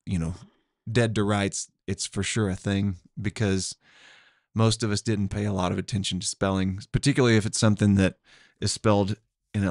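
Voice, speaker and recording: A middle-aged man from Oklahoma with an Oklahoma accent, hosting a podcast in a relaxed, meandering chat with easy chuckles. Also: lowish voice, dry recording, clean studio sound. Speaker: podcast host. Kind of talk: casual chat.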